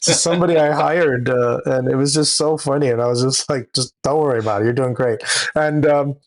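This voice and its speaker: A man's voice: mid-range voice, fairly quick. A man, a camera operator and director, talking casually in a podcast interview and telling stories from the set. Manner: relaxed storytelling, acts out quoted dialogue.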